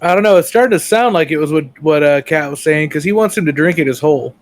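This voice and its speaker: A man taking part in a tabletop role-playing game, chatting casually in a slightly high voice. He trails off and searches for words with fillers. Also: quick pace. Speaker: player.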